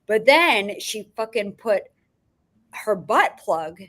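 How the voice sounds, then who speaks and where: A woman's voice: medium pitch, big pitch swings, slow, a bit bright. A woman filmmaker guest on a podcast, telling profane, rambling anecdotes and often laughing. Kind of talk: casual storytelling.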